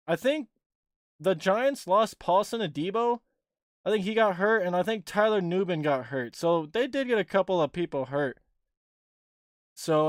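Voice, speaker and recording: A young man hosting a casual livestream, rambling excitedly about a game he just watched and swearing casually. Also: high-pitched, clean tone, no echo, studio quality. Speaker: livestream host and sports fan.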